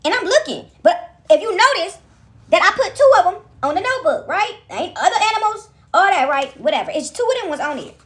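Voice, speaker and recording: A vlogger with a high, bouncing, very animated voice and a fairly bright tone tells a story from home at a fast clip, speaking straight to her viewers. She chats loosely, calls them "y'all," keeps checking in with "right?" and laughs often as the story goes on.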